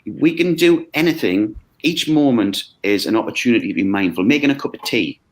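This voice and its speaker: A man who runs a mindfulness course talks in a lively, conversational way, acting out quoted voices and checking in with "okay?". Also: mid-range voice, fairly quick. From United Kingdom. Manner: animated, acts out quoted voices, frequent "okay?". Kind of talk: conversational explanation. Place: video call.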